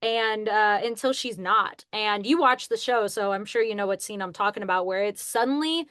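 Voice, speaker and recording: A woman's voice: mid-range voice, moderate pace, a bit bright, smooth, no room sound, clean studio sound. A young woman, a voice actress, chatting as a guest on a podcast in a bubbly way and laughing at herself. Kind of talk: casual podcast interview.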